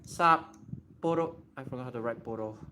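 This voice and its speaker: A livestreamer in a casual Q&A, excitable and thinking out loud while typing. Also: medium pitch, normal speed, slight background noise.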